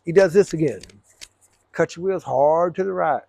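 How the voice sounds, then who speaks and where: A truck driver with a high, gravelly voice tells a story casually to the camera. He is animated and swears freely, acting out both sides of an argument. The sound is dry and close. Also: normal speed, no room sound.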